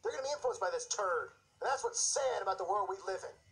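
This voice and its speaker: A man's voice: high-pitched, lively intonation, quick pace, a bit bright, rough recording. A man hosting his own show, delivering an impassioned, indignant religious commentary with mocking asides. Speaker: show host.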